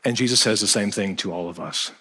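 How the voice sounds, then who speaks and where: A man preaching a sermon as pastor, animated and self-deprecating, swinging between loud emphasis and quiet asides. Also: lowish voice, quick pace, slightly rough. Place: church sanctuary. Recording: reverberant church hall.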